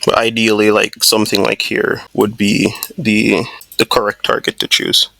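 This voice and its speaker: Gravelly-voiced man talking through a trade. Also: on the low side, completely flat delivery, moderate pace, pushed and bright, dry recording. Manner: casual, thinking aloud with many fillers and restarts. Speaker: trading video host. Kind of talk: live screen-share trade commentary.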